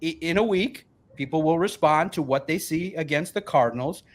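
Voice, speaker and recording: During a laid-back sports podcast conversation, a man in his forties with a high voice goes on emphatically, rambling and cursing heavily. He sounds slightly tipsy from a couple of beers and speaks at a normal speed.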